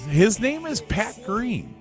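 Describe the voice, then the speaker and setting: A man's voice: high-pitched, wildly swooping pitch, takes it slowly, faint music behind. A middle-aged man co-hosting a podcast, telling loose, rambling stories in a casual chat and swearing freely. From northern United States. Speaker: podcast co-host.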